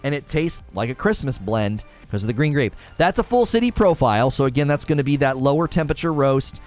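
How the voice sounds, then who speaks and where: A man's voice: mid-range voice, animated, a little fast, soft background music. A man live-streaming, chatting casually and reading viewer comments as he rambles with frequent restarts. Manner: rambling, reads chat aloud, many restarts.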